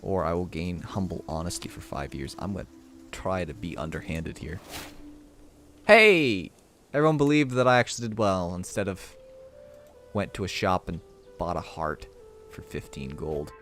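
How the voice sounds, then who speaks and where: A man giving casual live commentary while streaming a strategy game, thinking out loud and reading the game's text aloud. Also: sits low, animated, moderate pace, soft background music.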